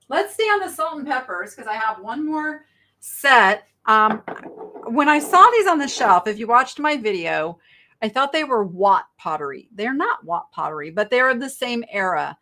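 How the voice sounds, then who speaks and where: Bubbly woman with a lively pitch. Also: measured pace. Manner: chatty, bubbly, reads viewer chat aloud. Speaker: live sale host. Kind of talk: live-stream sales chat.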